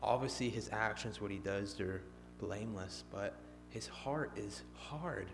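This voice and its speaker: Man preaching, dropping to hushed tones. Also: on the low side, measured pace, gravelly, over music. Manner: swings from emphatic to hushed, near-whispered. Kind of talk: sermon.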